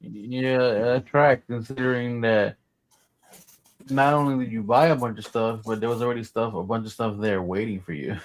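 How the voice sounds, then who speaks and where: A man's voice: medium pitch, steady tone, normal speed. A man co-hosting a livestream, thinking aloud and musing in casual chat. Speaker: livestream co-host.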